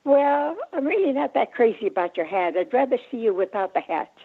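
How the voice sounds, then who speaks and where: A woman in her nineties, calling in to a radio show and chatting sweetly with some gentle teasing. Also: fairly high pitch, sing-song, fairly quick, slightly rough. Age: 90s. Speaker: caller. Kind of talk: casual phone chat. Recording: phone line.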